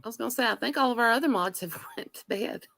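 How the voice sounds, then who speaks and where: A woman hosting a casual livestream chat, chatty and quick to laugh, with lots of fillers. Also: on the high side, gravelly, very noisy. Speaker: livestream host.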